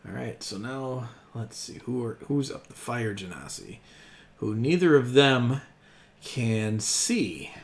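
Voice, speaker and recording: A man's voice: medium pitch, slow pace, vocal fry. Easygoing man running a tabletop game. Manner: casual, laughs often, thinks aloud while tallying rolls. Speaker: game master.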